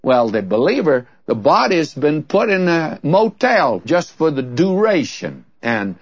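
Folksy male preacher, lively dry lo-fi voice. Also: on the high side, measured pace, husky, dry recording. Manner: folksy storytelling with rhetorical questions. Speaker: Bible teacher. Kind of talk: conversational radio sermon. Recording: dull, dry lo-fi recording.

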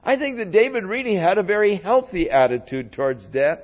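A man preaching a sermon in a slow, deliberate way, his voice rising and falling widely in pitch and loudness. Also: animated, lo-fi sound.

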